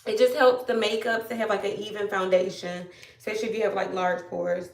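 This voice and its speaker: A woman from Georgia, chatting casually to viewers on a live stream, greeting them by name and a little hoarse after being ill. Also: medium pitch, steady tone, fairly quick, reverberant, far from the mic. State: slightly hoarse after illness. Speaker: livestream host.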